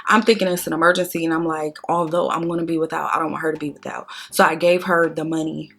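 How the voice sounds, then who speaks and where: A woman's voice: low voice, little pitch movement, fast talker, creaky, a bit bright. A woman vlogger talking casually while doing her makeup, telling her story bluntly with lots of cursing and strong emotion. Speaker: beauty vlogger.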